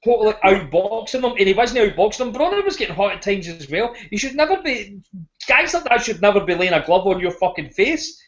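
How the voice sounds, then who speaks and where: High-pitched guy on a podcast, blunt and sweary, dull sound. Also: sing-song, brisk, a bit bright. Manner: blunt, heated, swears a lot. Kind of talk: casual podcast chat. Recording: dull lo-fi audio.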